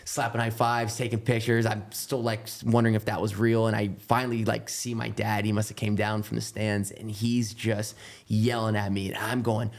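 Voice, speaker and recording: A man's voice: lowish voice, flat delivery, moderate pace, creaky. An American man telling stories as a podcast guest, rambling and filling with "like," swearing casually. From United States. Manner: rambling, heavy use of "like", restarts sentences, swears casually. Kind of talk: casual interview storytelling.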